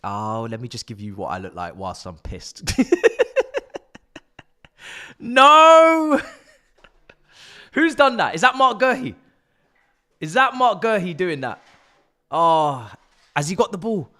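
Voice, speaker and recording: A young man hosting a live football watch-along, excitable and swearing, shouting at the players. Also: on the high side, normal speed. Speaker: live stream host.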